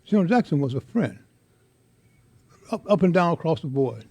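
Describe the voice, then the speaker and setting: Older man, impassioned and halting, mellow higher voice, dry close sound. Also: sing-song, breathy edge, no room sound. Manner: impassioned, halting, repeats words. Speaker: interviewee, veteran. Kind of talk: emotional storytelling interview.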